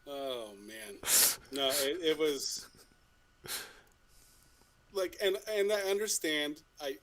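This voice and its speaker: A man's voice: on the high side, lively intonation, slow, fairly bright tone, low-quality recording. A man co-hosting a podcast who tells a story in a casual, rambling way, often restarting his sentences and swearing now and then. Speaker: podcast co-host.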